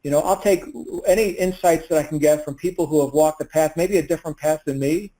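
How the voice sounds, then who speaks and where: A man hosts a group call and works his way into introducing a guest. He has a slightly high, mellow voice and a hesitant delivery, full of "uh"s and false starts. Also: fairly quick, rough recording. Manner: hesitant, many fillers and restarts. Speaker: host of a coaching call.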